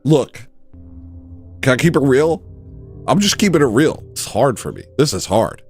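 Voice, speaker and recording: A man hosting a livestream, rambling through a comedic monologue and acting out shouting kids. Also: mid-range voice, moderate pace, breathy edge, soft background music. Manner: animated, jokey, often mimics shouting kids. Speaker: livestream host.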